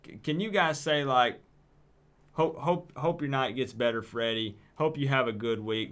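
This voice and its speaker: A man's voice: medium pitch, moderate pace, loud music behind the voice. A man from East Tennessee with its accent, hosting a livestream and taking calls in a hyped, friendly way, often repeating words. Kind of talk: casual livestream chat.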